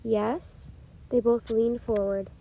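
Mellow woman reading a children's story. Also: on the high side, moderate pace, highs cut off. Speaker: storytime reader. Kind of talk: reading a children's chapter book aloud.

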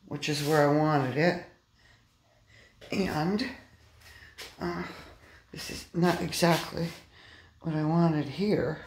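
A woman giving a casual running commentary as she works a model train layout indoors, exasperated and muttering to herself. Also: sits low. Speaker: model railroad hobbyist. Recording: echoey room with background noise.

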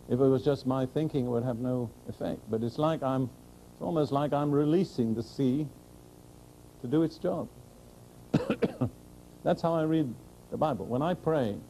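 A man preaching a sermon to a congregation, speaking earnestly and directly, asking rhetorical questions, and slowing down to proclaim scripture. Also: medium pitch, mellow, slight background noise, low-quality recording. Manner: slows and rises to proclaim scripture.

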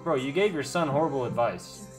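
Emotional, swearing young streamer. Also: male voice, medium pitch, a little fast, music in the background. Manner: excitable, emotional, swears a lot. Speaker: streamer reacting to a musical. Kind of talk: casual live reaction.

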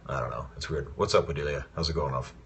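Super deep-voiced guy chatting with fans on a stream, easygoing and rambly, faint hum in the background. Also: quick pace, gravelly, a bit bright. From Los Angeles. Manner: laid-back, rambling, loose with fillers. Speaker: actor answering fans. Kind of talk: casual livestream Q&A reading fan messages.

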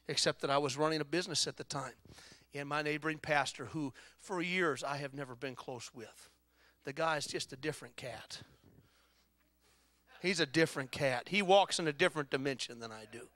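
A pastor delivers a sermon in a bright, ringing voice pitched somewhat high for a man. He moves between loud exhortation and hushed personal testimony. The sound is close and dry. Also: no room sound. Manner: preaching with testimony, swings from loud exhortation to quiet storytelling. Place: church sanctuary.

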